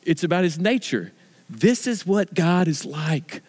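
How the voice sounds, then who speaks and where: A middle-aged man, a pastor, preaching a sermon in a conversational, story-telling way, with restarts and slow stresses on key words. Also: high voice, very animated, darkish tone.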